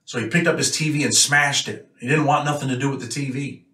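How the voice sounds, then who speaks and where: A man's voice: mid-range voice, fairly even intonation, fast talker, pushed and bright. A man from New York State, a former prisoner, telling a story in a blunt, matter-of-fact way. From Rochester, New York. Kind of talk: casual storytelling. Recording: roomy echo, mic a bit far off.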